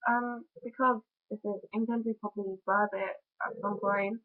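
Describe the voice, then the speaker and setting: A woman's voice: mid-range voice, fairly even intonation, moderate pace, faint music behind. A young woman with a London accent chatting casually on camera, self-deprecating and full of ums. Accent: London English. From England. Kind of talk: casual vlog chat. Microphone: built-in webcam mic. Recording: tinny lo-fi webcam audio.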